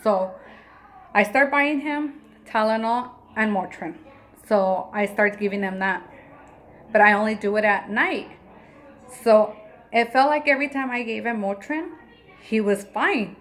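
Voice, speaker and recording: Emotional mom telling a story to camera. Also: female voice, fairly high pitch, a little slow. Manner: emotional, animated retelling with quoted dialogue. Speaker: mother and vlogger.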